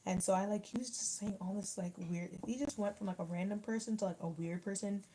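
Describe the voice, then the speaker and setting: A woman's voice: medium pitch, brisk, background noise. A young woman in casual livestream chat, rambling with lots of fillers as she answers comments while eating. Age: young adult. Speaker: YouTuber reading live chat.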